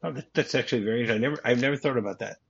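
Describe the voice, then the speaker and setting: A man with a creaky, breathy mid-range voice hosts a casual film podcast, chatting, reading script passages aloud, and tossing in quick asides. The audio is dull and lo-fi.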